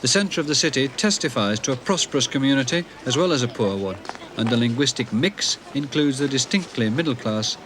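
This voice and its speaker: A man reads polished documentary narration in an even, mid-pitched voice. A faint hiss sits under the old recording. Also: fairly quick.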